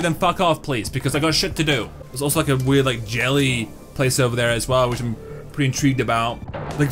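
A man giving live reaction commentary over gameplay, excitable, swearing, and talking back to the game. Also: mid-range voice, fairly quick. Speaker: gaming channel host. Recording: game music underneath.

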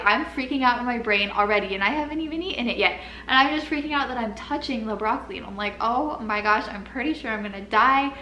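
A young woman's voice, on the high side, pushed and bright, tells a personal story on her vlog. She's casual and chatty, filling her speech with "like" and nervous little laughs. The room echoes and has faint noise.

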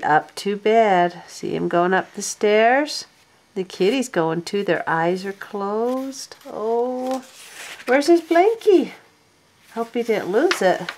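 Older woman, grandma, reading a picture book aloud, gentle and coaxing, sing-song, leisurely. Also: a little high, lively intonation, slow pace. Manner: gentle, coaxing, asks the child questions.

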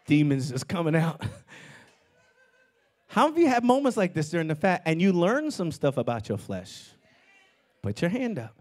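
A man preaching a sermon as pastor of his church, with animated delivery that climbs into shouts. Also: on the high side, moderate pace, pauses often. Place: church sanctuary.

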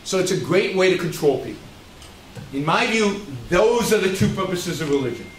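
High-voiced man lecturing in an echoey hall. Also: lively intonation, moderate pace. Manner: emphatic and repetitive, with questions to the audience. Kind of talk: public lecture to an audience. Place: event hall in Shanghai. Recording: roomy hall, distant mic, faint noise.

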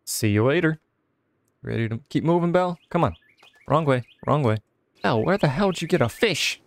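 A young man giving casual let's-play commentary, excitable, exclaiming and chatting to an in-game companion. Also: a little high, brisk, vocal fry. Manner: excitable, talks to companion character, frequent laughs and exclamations. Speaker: gaming channel host.

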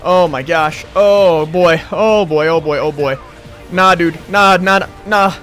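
A man commentating his own gameplay while sick and losing his voice, excitable and hoarse, repeating short calls as he plays. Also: fairly high pitch, soft background music. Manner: excitable, quick reactions, repeats short phrases. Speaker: gaming YouTuber.

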